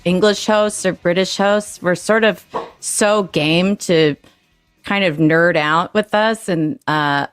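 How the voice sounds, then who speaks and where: A woman with a low, dry-sounding voice chats loosely as a podcast guest, rambling through her stories. She is calling in over video from home. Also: slow pace, clear, resonant tone, no echo, soft background music. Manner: chatty, rambling storyteller. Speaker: guest, former sketch comedy writer. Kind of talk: casual podcast chat. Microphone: video call.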